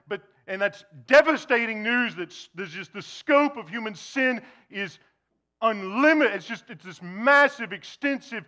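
A man preaching a sermon to a congregation, shifting between loud emphasis and hushed near-whispers, and acting out imagined questioners. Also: sits high. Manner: acts out imagined questioners in quoted asides. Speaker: pastor.

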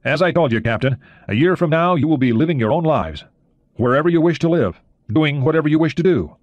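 A man's voice: on the high side, animated, brisk, no room sound, muffled recording, pitched above the performer's own voice, lightly acted. A man reading a plain-spoken American analyst. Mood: warm.

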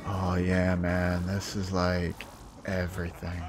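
A man with a very deep voice hosts a gameplay video, talking casually over the game. He is playful and quick to make fun of himself. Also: completely flat delivery, music in the background. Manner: playful and self-deprecating. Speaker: let's-play host.

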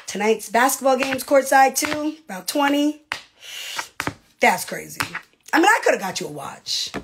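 A woman's voice: a little high, very animated, moderate pace, slight background noise. A woman, a reality TV personality, in a casual livestream rant to her fans, brash and profane with mocking asides.

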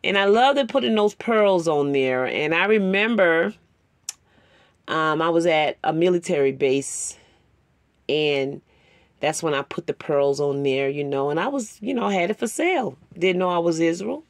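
A woman's voice: lowish voice, unhurried, dry recording. A woman telling a personal story in a sermon-style talk, conversational and emotional. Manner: conversational, rambling with fillers; emotional, tearing up. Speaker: Bible teacher.

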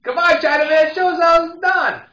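A man putting on a loud jeering drunk saloon heckler. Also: extremely high pitch, fairly quick, reverberant, pitched above the performer's own voice, low-quality recording. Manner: jeering, shouting.

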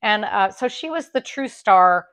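A middle-aged woman talks to her viewers in a warm, chatty way. She laughs often and restarts her sentences as she tells a long story. Her voice sits at a middle pitch. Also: lively intonation, a little slow. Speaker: vlogger unboxing a clothing haul.

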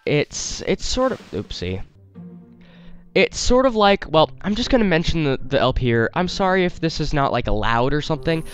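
A man's voice: on the high side, big pitch swings, normal speed, smooth, faint music behind. A man hosting a let's play, giving rambling, apologetic gameplay commentary into a headset mic. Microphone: desktop headset mic.

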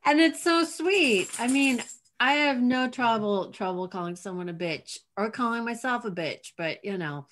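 A woman hosting a casual talk show over a video call, chatty and quick to laugh. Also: a little high, fairly bright tone. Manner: giggly, bubbly, quick to laugh. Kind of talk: casual chat.

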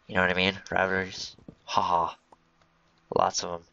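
A man with a fairly low yet bright, forceful voice rambles through casual gameplay commentary, joking to himself as he goes. The dry, close recording sounds a little dull and lo-fi. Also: completely flat delivery, moderate pace, creaky, dry recording. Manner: rambling, jokey, talks to himself and to game creatures. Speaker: gaming video host.

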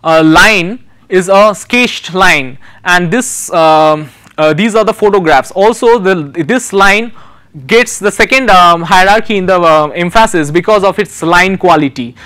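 A man giving a recorded design lecture, explaining slides in a halting way with many pauses and restarts. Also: high-pitched, bright, forceful tone, smooth.

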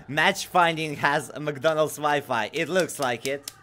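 A man streaming a horror game live, chatting casually with viewers and reading their messages aloud, swinging from low mutters to loud, excitable outbursts. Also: slight background noise.

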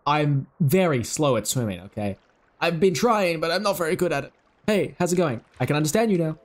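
Excitable young man commenting on a game. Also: a little high, brisk. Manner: excitable, swears, talks to himself. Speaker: gaming video creator. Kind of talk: casual gameplay commentary.

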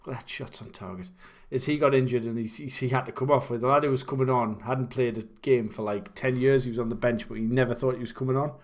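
A man's voice: medium pitch, fairly even intonation, quick pace, few pauses. A young man, casually chatting and rambling while commentating on his own game. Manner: rambling, chatty, self-deprecating. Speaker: streamer.

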